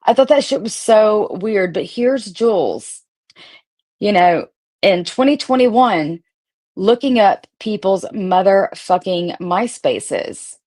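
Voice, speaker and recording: A woman in her thirties rants loosely to her viewers, blunt and sarcastic and full of swearing. Her voice sits at an ordinary middle pitch for a woman. She talks in a casual, unscripted way, as if chatting to her audience. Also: lively intonation, takes it slowly, darkish tone. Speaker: streamer reading her old text messages. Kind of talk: casual ranting commentary.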